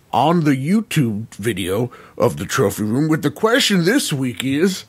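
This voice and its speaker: A man's voice: mid-range voice, breathy edge. A man hamming up a blustery southern good ol' boy. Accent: put-on American Southern. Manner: folksy, hollers "by God" between lines.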